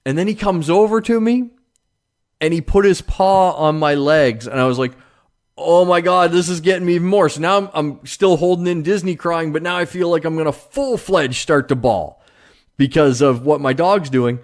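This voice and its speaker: A man's voice: a little high, normal speed. Rambling jokey podcast host, man. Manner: rambling and jokey, with frequent fillers and restarts. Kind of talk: casual solo monologue.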